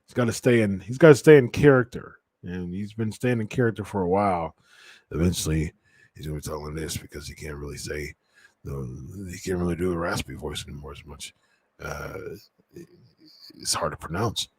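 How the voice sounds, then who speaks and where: A man's voice: low voice, normal speed, breathy edge, no room sound, studio quality. A man hosting a podcast, chatting casually about wrestling and often correcting himself mid-sentence. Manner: rambling, with frequent restarts and self-corrections. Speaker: podcast host.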